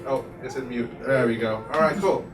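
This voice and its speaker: A man's voice: mid-range voice, brisk, faint music behind. A man leading a home-recording workshop, explaining mic technique in a loose, rambling way full of "like". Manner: casual, rambling, filler-heavy explanations. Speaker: workshop instructor. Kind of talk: live recording workshop demo. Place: music store workshop room.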